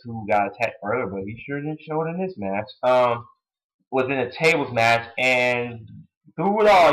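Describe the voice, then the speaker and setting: Brief: young male reviewer, blunt and rambling, lively swings in pitch. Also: low-quality recording. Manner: rambling, blunt and opinionated, many fillers. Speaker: wrestling show reviewer. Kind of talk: casual spoken review.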